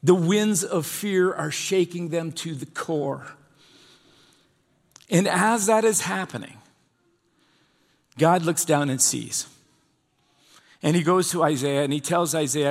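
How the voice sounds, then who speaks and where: A man's voice: on the high side, slow, long pauses. A male pastor preaching a sermon, retelling a scripture story in a conversational way. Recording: long hall reverb.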